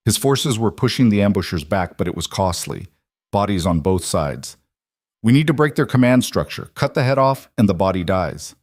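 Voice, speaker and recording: A man reading a dramatic story aloud as narrator, steady and even, voicing the characters' lines himself. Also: on the low side, no echo, studio quality. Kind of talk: scripted narration.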